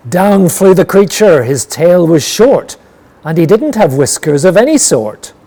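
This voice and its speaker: Man reading a picture book aloud, slow and rhythmic, very lively pitch, mellow tone. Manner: rhythmic, expressive rhyming delivery. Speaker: storyteller.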